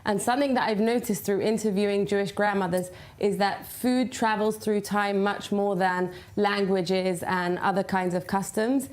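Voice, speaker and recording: A woman's voice: mid-range voice, steady tone, normal speed, few pauses, darkish tone. A woman guest in a TV studio, earnestly explaining a traditional dessert. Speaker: podcaster and recipe developer. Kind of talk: studio interview.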